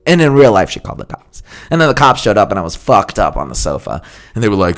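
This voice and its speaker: A man's voice: deep voice, expressive, fast, gravelly. A young man co-hosting a casual podcast, telling rambling stories, swearing freely and acting out what people said. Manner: rambling storyteller, swears freely, acts out quotes. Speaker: podcast co-host, comedian.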